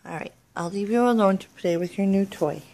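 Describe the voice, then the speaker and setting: A woman's voice: mid-range voice, brisk, warm tone. A mother in her thirties filming a family vlog, chatting fondly to her dog in a sing-song voice. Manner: sweet baby-talk to her dog. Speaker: vlogger. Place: home, then a car. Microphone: handheld camera.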